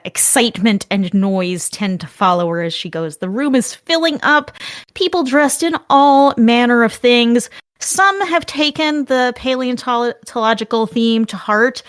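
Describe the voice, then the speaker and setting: A woman game master narrating a tabletop game, meandering through scene descriptions and rule explanations while she thinks aloud. Her voice is a touch high and sounds dry and close. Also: no room sound. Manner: rambling, thinking aloud with restarts.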